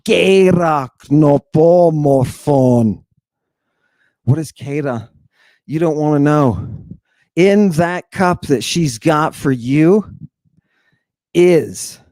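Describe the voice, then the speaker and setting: A man with a fairly high voice lectures in a slow, drawn-out way. He is dramatic, fires off rhetorical questions and sinks to near-whispers. The sound is dry and close, with no room around it. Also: dry recording. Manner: dramatic, rhetorical questions, sudden hushed drops. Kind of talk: theatrical lecture on ancient texts.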